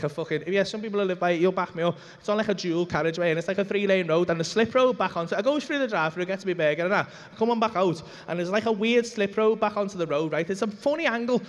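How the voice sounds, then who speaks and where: A young man with a Liverpool accent telling a rambling, swearing, animated story as a stand-up comedian on a club stage. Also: high voice. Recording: reverberant comedy club hall.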